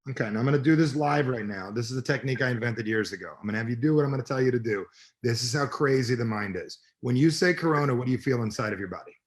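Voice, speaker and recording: Rapid-fire and medium-pitched, a middle-aged personal development coach gives an energetic interview. He makes his points bluntly and emphatically, cursing without hesitation.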